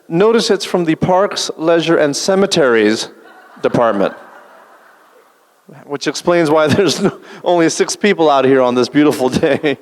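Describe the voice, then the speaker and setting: Deadpan stand-up comic man in a hall. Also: high-pitched, moderate pace. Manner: deadpan one-liners with dry asides. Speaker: stand-up comedian. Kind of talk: stand-up comedy set. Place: large event hall. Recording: long hall reverb.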